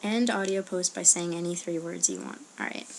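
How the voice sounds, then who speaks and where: A woman's voice: on the low side, fairly even intonation, normal speed, gravelly, background noise. A young woman answering a list of questions in a casual, rambling audio post, with hesitant fillers and murmured asides. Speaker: blogger answering a question meme.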